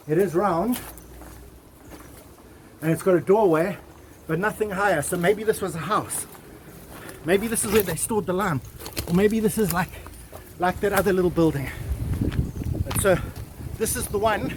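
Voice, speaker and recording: A man hosting a vlog outdoors at old stone ruins, excitedly exclaiming and repeating himself into a handheld camera mic. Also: high voice, measured pace, long pauses, background noise. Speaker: vlog host exploring ruins. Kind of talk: excited on-the-spot vlogging.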